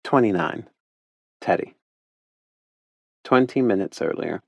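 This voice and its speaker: A low-voiced man narrates an audiobook in the first person. The recording is dry and close-miked. His delivery is wry, playful and expressive. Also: slow pace, creaky, husky, no room sound, dull audio.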